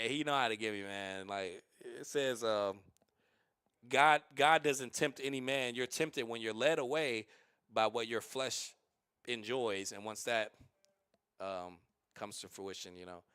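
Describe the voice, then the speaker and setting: A man streaming and telling stories in a casual, rambling, animated way, with many restarts. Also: fairly low pitch, unhurried, clean tone, no echo, studio quality. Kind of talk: casual livestream storytelling.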